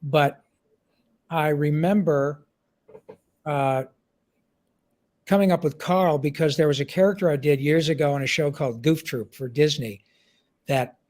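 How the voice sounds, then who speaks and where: This voice actor guest, a man in his sixties, is being interviewed over a video call. His voice is a little high and somewhat slow, with long pauses, and his animated replies occasionally shift into character voices.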